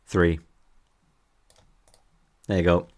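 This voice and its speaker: A man's voice: sits low, flat delivery, extremely slow, a little mellow. A young man streaming from his desk, teasing his chat in a playful, casual way.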